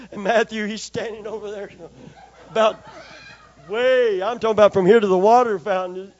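Older preacher guy, folksy sermon, keeps asking for amens, kinda high voice, dull dry recording. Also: fairly even intonation, moderate pace, darkish tone. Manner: homespun, calls for amens from the congregation.

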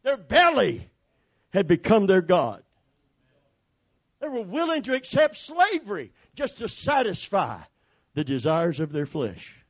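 A man's voice: sits high, wildly swooping pitch, unhurried, pauses often. A man pastor preaching a sermon with emphatic repetition and calls for the congregation to respond.

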